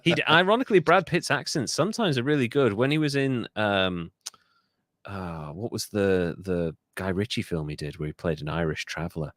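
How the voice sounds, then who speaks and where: A man's voice: lowish voice, animated, normal speed, a bit bright, no room sound, studio quality. A man co-hosting a comedic history podcast, telling stories in casual chat, swearing freely and slipping into mock voices. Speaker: podcast co-host.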